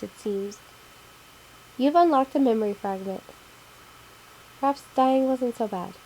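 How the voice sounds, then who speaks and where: A woman's voice: a little high, unhurried, long pauses, warm tone, slight background noise, low-quality recording. A woman playing a story game, reading its text aloud with casual asides. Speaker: gaming channel host. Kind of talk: narrated game let's play.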